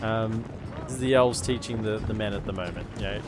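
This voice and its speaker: A man's voice: fairly low pitch, a little fast, background noise. A man casually commentating his strategy game as he plays, thinking aloud and amusing himself. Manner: rambling, self-amused, thinking aloud. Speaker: gaming streamer. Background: game music.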